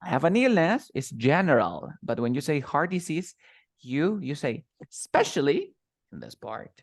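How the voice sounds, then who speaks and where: Lively male English teacher, dry sound. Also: a little high, moderate pace, gravelly, no room sound. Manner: explains patiently, mixing English and Spanish. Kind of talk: bilingual English lesson.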